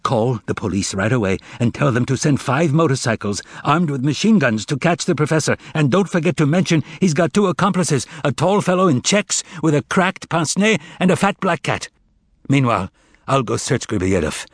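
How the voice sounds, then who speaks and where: A man's voice: fairly high pitch, lively intonation, normal speed, no echo, clean studio sound, pitched above the performer's own voice. Raging young poet, agitated and raised, as a male narrator puts him on. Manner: angry, agitated.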